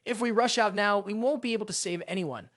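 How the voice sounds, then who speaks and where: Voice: medium pitch, a little fast, fairly bright tone, no echo, studio quality, close to an everyday voice. A narrator voicing a cheeky, scheming young male detective who talks in a teasing, wheedling way.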